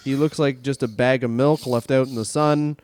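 A man's voice: medium pitch, fairly even intonation, normal speed, a little mellow, dry recording, studio quality. A man from Canada, a comedian co-hosting a podcast, telling rambling, profane anecdotes in casual chat.

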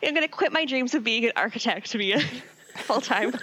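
Casting: woman, bright tense voice, animated and giggly. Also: on the high side, a little fast, slightly rough, no echo. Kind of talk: casual chat.

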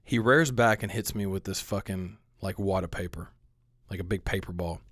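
A man's voice: sits low, normal speed, fairly bright tone, no room sound, studio quality. A young man telling a story in casual chat, rambling with lots of fillers and frequent swearing. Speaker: podcast co-host telling a story.

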